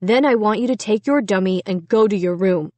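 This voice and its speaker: A woman's voice: medium pitch, a little fast, darkish tone, dry recording, lightly acted. A woman reading a storybook aloud, voicing an angry, stern father who scolds his daughter in a firm, controlled way. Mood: grumpy firm.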